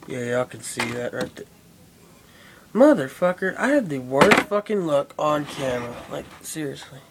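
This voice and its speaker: A young man, a vlogger, rambles casually to his camera, swearing and using plenty of fillers. His voice is medium-pitched and creaky, with background noise behind it.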